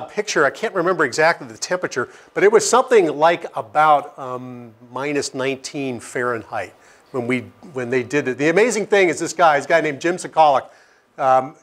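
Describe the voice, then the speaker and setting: A middle-aged man from Seattle with a slightly raised speaking pitch gives a relaxed lecture. He tells stories, cracks self-deprecating jokes, and keeps checking in with his listeners with a quick "okay?". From Seattle, United States. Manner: anecdotal, self-deprecating humor, frequent "okay?" asides. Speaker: climate scientist giving a career lecture. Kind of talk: informal lecture with slides. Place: lecture room with audience.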